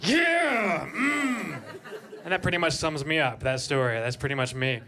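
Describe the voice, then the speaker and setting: A man in his thirties doing a stand-up comedy set on a club stage, breaking into shouted high voices for his bits. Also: lively intonation, a little slow.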